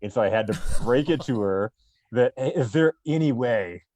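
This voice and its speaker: A man co-hosting an interview show, effusive in his reactions and quick to laugh. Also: mid-range voice, expressive, darkish tone, dry recording. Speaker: co-host. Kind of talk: casual interview chat.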